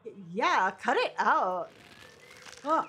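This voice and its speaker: A woman streaming a live game playthrough, giggling and reading the dialogue aloud with quick reactions. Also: on the high side, very animated, sharp tone, husky.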